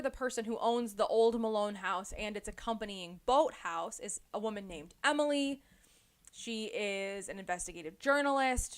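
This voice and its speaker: Chatty woman recapping a book. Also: medium pitch. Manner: animated retelling with lots of "like" and "um". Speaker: podcast host. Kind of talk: casual book club chat.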